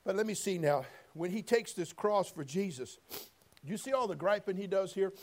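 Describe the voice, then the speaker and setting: A man preaching a sermon, folksy and direct, moving between quiet storytelling and loud shouted passages. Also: high-pitched, expressive, moderate pace. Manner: folksy, addresses listeners as friend and brother.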